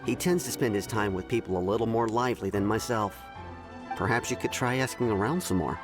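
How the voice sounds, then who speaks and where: A man voicing a calm, reserved townsman in a video game, speaking in a quiet, measured way. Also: lowish voice, lightly acted. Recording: game dialogue over music.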